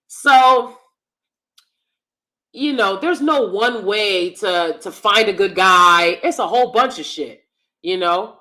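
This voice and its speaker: A woman's voice: mid-range voice, lively intonation, slow pace, sharp tone. A woman hosting a casual livestream chat, reading viewer comments and giving emphatic, opinionated advice with lots of repetition. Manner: emphatic, opinionated, repeats herself for stress. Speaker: host.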